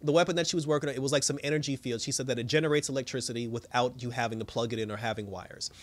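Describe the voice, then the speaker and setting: A man giving a casual, slangy recap of a TV episode, telling it in an animated way and laughing often. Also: mid-range voice, racing. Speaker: TV episode reviewer.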